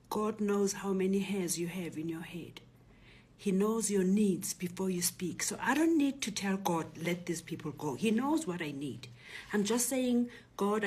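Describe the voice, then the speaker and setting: A middle-aged South African woman, a Zulu speaker, telling a personal story in a lively way and acting out the other voices. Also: medium pitch, slightly rough. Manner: animated retelling, acts out voices and shouts.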